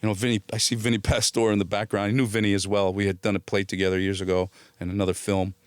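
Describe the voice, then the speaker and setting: A man's voice: fairly low pitch, fast talker, clean tone, no echo. Middle-aged guy telling a story on a podcast, swears a lot, does the other voices, dry close mic. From born in Italy, raised in New Jersey. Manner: animated, acts out quoted voices, swears freely. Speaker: actor guest. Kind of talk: casual storytelling interview.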